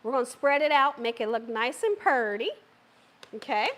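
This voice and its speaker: Woman cooking host, live stream, high, bouncy voice, playful and chatty with her viewers. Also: expressive, normal speed, a bit bright. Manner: chatty, talks directly to viewers and live chat; playful, laughs and cheers herself on.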